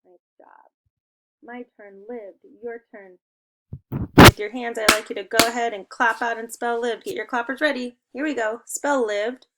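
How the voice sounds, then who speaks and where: A young woman teaching an online spelling lesson to second graders, upbeat and encouraging, giving clear step-by-step instructions. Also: on the high side, steady tone, moderate pace, a bit bright, slight background noise.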